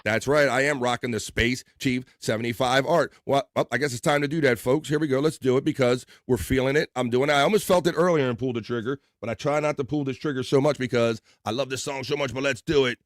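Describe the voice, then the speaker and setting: Upbeat guy hosting his afternoon stream, shouting out chatters, dry mic, no room sound. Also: mid-range voice, fairly even intonation, fast, hardly any pauses, no room sound. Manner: upbeat, playful, shouting out viewers by name. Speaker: livestream host. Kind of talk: casual livestream chat, reading chat messages aloud.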